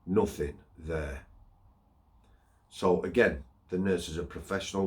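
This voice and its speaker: A man's voice: sits low, measured pace, pauses often, a little mellow. A middle-aged man, a former prison officer telling a story in a blunt, scornful way, broken into short phrases with plenty of "you know"s. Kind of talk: casual storytelling monologue.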